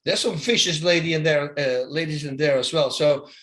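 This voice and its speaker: Guesting in a relaxed interview, this man, once a fighter, tells lively stories, mimics the sound of punches, and laughs between phrases. He speaks at a moderate pace with a fairly high pitch.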